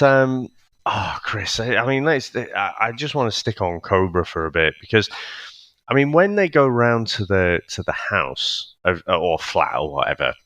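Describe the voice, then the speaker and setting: A man with a lowish voice that swings widely in pitch. He chats casually and wryly about a film and breaks into laughter often. His voice is close-miked and dry. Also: pushed and bright, dry recording. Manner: laughs often, wry and incredulous. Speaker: podcast co-host. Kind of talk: casual film review chat.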